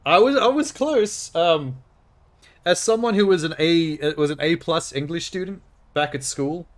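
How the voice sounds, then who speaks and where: A man's voice: on the high side, moderate pace. A man from Australia with an Australian accent, casually chatting and laughing as he streams a game, swearing freely. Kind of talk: casual gameplay commentary.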